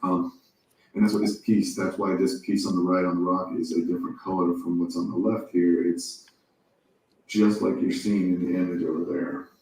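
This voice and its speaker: A man's voice: low voice, level tone, moderate pace, a little mellow. A man in casual chat, explaining hesitantly, heard echoey and far from the mic.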